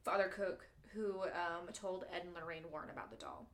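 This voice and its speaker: A woman's voice: on the low side, steady tone, moderate pace, a bit bright, a little hiss or hum. A woman podcast host casually retelling a true story in a studio, chatty with many fillers.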